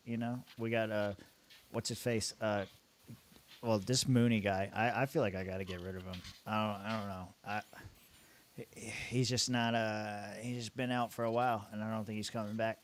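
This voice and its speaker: A young man co-hosting a podcast, rambling casually about his fantasy football team, swearing freely and laughing often. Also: on the low side. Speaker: podcast co-host.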